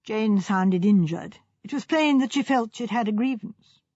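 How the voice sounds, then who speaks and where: A woman narrating an audiobook in a measured, expressive way. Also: medium pitch, no echo. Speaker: audiobook reader. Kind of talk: scripted narration. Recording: dull lo-fi recording.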